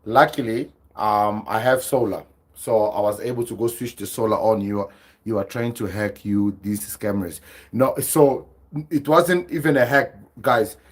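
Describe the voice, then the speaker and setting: A man's voice: lowish voice, measured pace. A South African man hosting a livestream podcast, talking animatedly to his viewers and reading their chat. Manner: animated, laughing, addresses viewers as guys. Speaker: podcast host.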